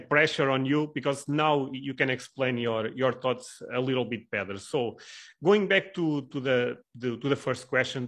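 Man, podcast host, hesitant, restarts often, mid-range pitch. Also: a bit bright. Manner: hesitant, many restarts and fillers. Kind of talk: casual podcast interview.

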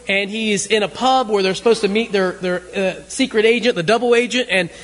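A man's voice: high voice, fairly quick, fairly bright tone. A man giving a sermon as a loose, conversational story, often stumbling over and repeating his words. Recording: long reverb of a large hall.

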